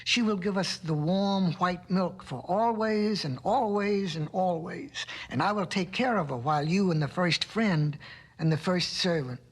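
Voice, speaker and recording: A man voicing a calm, wise cave woman. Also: high voice, measured pace. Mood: firm. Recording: restored vinyl record.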